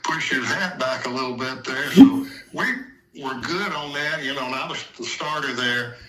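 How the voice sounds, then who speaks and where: An older man, a retired football player, spins folksy anecdotes in an interview, retelling old conversations as quoted dialogue. His voice is mid-range and his pace moderate, with crowd noise around him. The sound is roomy and echoing, as if he sits far from the mic.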